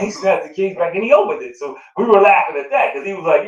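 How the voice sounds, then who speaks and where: A man's voice: sits high, animated, quick pace, hardly any pauses, muffled recording. A middle-aged man, a proud father, telling a long heartfelt story in casual chat, with many fillers and an emotional tone. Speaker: father of the groom. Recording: roomy sound from a distant mic.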